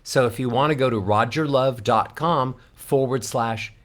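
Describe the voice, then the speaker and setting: A man coaching as a vocal coach on a radio show, upbeat and encouraging. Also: moderate pace. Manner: sings scales up into a very high head voice. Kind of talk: guest coaching on a radio show, singing warm-up scales.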